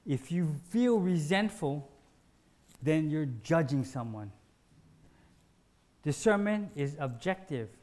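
A man giving an informal spiritual teaching, animated and self-deprecating, acting out everyday scenes in short, punchy phrases. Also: on the high side, slow pace, long pauses.

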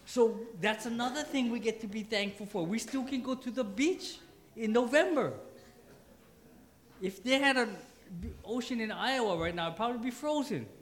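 A man's voice: extremely high pitch, moderate pace. A man preaching a sermon in church with a light tinge, joking with the congregation. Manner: joking, playful asides to the congregation. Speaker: pastor.

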